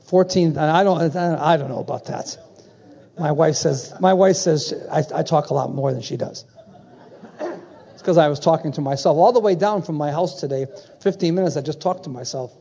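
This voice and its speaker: A middle-aged man preaches to his congregation in a husky, mellow voice that sits a bit high for a man. He keeps quizzing the listeners, leaving gaps in his sentences for them to fill in. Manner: call-and-response preaching, quizzing the audience. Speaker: pastor. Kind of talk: sermon.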